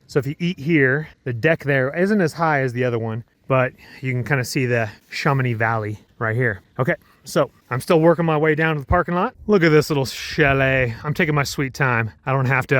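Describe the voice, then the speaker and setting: A man's voice: mid-range voice, fairly bright tone. Enthusiastic man vlogging on the slopes. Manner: enthusiastic, rambling, with heartfelt talk of faith. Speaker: travel vlogger. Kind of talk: casual vlog narration while skiing. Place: outdoors on a ski mountain.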